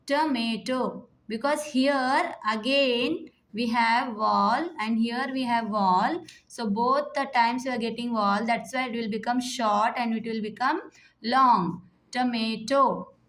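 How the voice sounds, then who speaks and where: A woman with an Indian English accent teaching a phonics lesson, sounding out letters and repeating each word. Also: a little high. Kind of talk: slow classroom phonics lesson.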